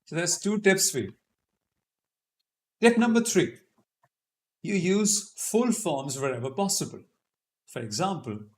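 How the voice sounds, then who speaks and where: A man's voice: medium pitch, expressive, unhurried. A man with a Delhi Indian English accent hosting a casual live Q&A, chatty and joking as he explains and sounds out words. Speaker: host of a live Q&A.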